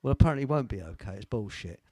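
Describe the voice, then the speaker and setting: A man's voice: medium pitch, lively intonation, racing, warm tone, no room sound. An older man hosts a live online talk show, rambling casually in a salty, chuckling way. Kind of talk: casual live-stream chat and joke telling.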